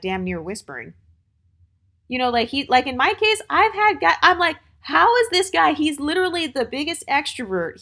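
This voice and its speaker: An American woman hosting her channel, giving dating advice in a blunt, opinionated, chatty monologue full of fillers. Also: medium pitch. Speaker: channel host.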